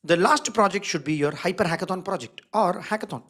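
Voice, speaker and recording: In a high, somewhat bright voice and at a fairly quick pace, a male instructor teaches design in a live online workshop. He puts emphasis on key words, says them more than once, and repeatedly checks in with viewers.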